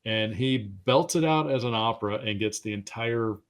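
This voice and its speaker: Middle-aged male interview guest, lowish voice, loose and rambling anecdotes, self-deprecating, stumbles on words now and then. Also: normal speed. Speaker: game designer guest. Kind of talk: casual interview chat.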